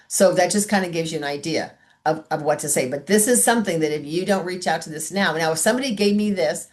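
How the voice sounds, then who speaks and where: A woman's voice: on the low side, fast, hardly any pauses. A middle-aged woman on a video call, chatting casually as she coaches a sales team and acts out talks with customers.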